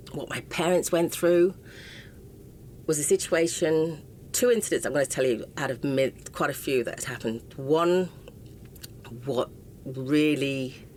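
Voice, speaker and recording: A woman's voice: very deep voice, slight background noise. A middle-aged English woman, an interview guest, telling a painful personal story with raw emotion and frequent broken-off sentences. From England. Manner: raw and impassioned, often breaking off mid-sentence.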